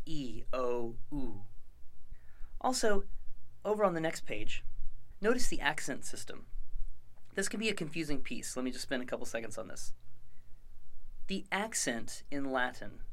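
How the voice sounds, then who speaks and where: A man gives a Latin pronunciation lesson in a clear, deliberate teaching voice. His pitch sits in a middle range, and he slows down and stretches words to mark the endings. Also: fairly bright tone, poor audio. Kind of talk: instructional lesson narration.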